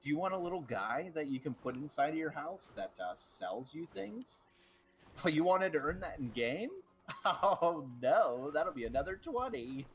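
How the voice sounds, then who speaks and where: A man's voice: a little high, very animated, normal speed, husky, soft background music. A young man co-hosting a casual gaming chat, joking and swearing. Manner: joking, swears, calls people dude. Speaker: co-host.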